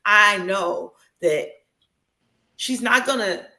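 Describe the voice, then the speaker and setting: Expressive, bright-voiced woman in an echoey room. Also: medium pitch, takes it slowly. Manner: emotional, expressive, swears freely; quotes people in animated voices. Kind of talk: casual podcast chat.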